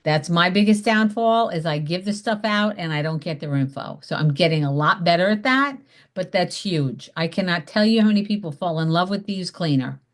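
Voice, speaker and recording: A woman's voice: fairly low pitch, animated, moderate pace. A woman leading an online class, chatty and emphatic, acting out upbeat phone invitations. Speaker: direct sales mentor. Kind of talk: zoom class teaching. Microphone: video call.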